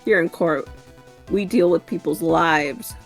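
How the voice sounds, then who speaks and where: A woman reading aloud the slow, even lines of a cool, taunting male prosecutor from a game. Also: deep voice, gravelly, faint music behind, low-quality recording.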